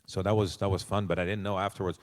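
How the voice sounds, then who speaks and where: Man, actor guest, animated storytelling, acts out quotes, long hall reverb. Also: low-pitched, fast talker. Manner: acts out quoted voices, swears casually. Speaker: actor guest on a convention panel. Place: convention hall stage.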